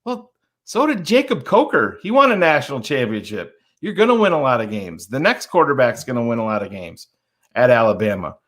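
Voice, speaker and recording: A man's voice: mid-range voice, very animated, brisk, fairly bright tone. A man co-hosting a sports podcast in casual talk, blunt and swearing freely, often acting out what other people said. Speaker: podcast co-host.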